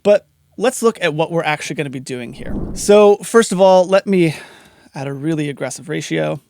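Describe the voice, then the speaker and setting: Gravelly-voiced man teaching audio mixing. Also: on the high side, normal speed, a little mellow, slight background noise. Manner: casual, explanatory, talks through each step. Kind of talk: screen-recorded tutorial explanation.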